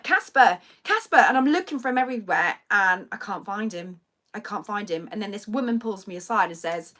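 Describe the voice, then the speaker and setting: A woman's voice: a little high, pushed and bright. A woman, chatting casually on a livestream and animatedly acting out the voices in her story. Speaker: livestream host. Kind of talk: casual chat.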